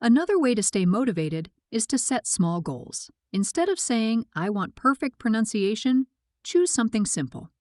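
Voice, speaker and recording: A woman narrating a scripted English pronunciation lesson, speaking slowly with clear, careful articulation. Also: fairly high pitch, sing-song, darkish tone, dry recording, studio quality. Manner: slow, clear, carefully articulated teaching delivery.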